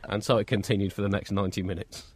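A man's voice: fairly low pitch, steady tone, rapid-fire, husky, no room sound. A man co-hosting a satirical comedy show, delivering dry, absurdist jokes. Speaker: comedy co-host.

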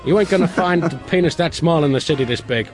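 A man voicing a sardonic, streetwise woman who answers in a dry, deadpan way. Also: on the high side, fast, faint music behind, pitched above the performer's own voice, natural voice.

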